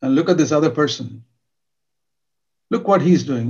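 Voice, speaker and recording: A man's voice: on the high side, moderate pace, pauses often, a little mellow, highs cut off. An older man preaching a sermon in an earnest, emphatic way, repeating key words for stress.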